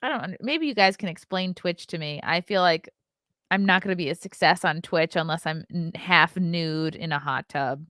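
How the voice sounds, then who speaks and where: Chatty woman host with a low voice. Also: moderate pace, a bit bright, no room sound, studio quality. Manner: chatty, reads viewer comments aloud and answers them. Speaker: podcast host and comedian. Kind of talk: casual livestream chat.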